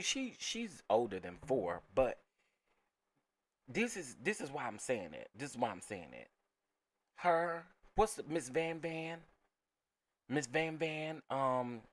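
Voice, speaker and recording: Emphatic man in casual reaction commentary. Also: mid-range voice. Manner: emphatic, repeats phrases, talks straight to viewers as "y'all". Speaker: commentary channel host.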